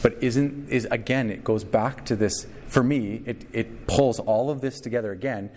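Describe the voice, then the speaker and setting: A man preaching a sermon, telling a story with lively acted-out quotes. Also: medium pitch, normal speed, a little hiss or hum. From Canada. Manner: animated storyteller, acts out quotes. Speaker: pastor.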